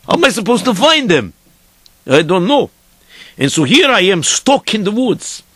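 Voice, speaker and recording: A man's voice: high voice, very animated, moderate pace, a bit bright, dry recording, exaggerated voice. A man playing Peter, a weary peasant storyteller. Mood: puzzled. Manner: broken English, dramatic storytelling. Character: Peter, a weary good-hearted peasant horseman. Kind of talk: theatrical storytelling.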